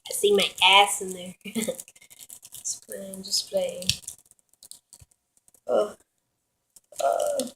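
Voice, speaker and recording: Slow-talking young woman vlogger. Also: mid-range voice, creaky, background noise. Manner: rambling, profane, giggly. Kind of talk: casual home vlog. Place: home kitchen.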